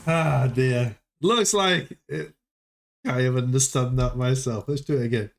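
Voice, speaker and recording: A man hosting a casual crypto livestream, laughing often between his unhurried remarks. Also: medium pitch, gravelly, faint music behind.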